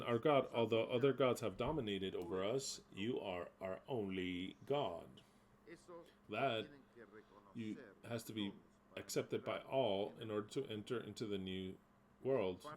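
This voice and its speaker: A man's voice: fairly low pitch, unhurried, darkish tone, poor audio. A man preaching a sermon, reading scripture aloud and explaining it emphatically. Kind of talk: sermon teaching.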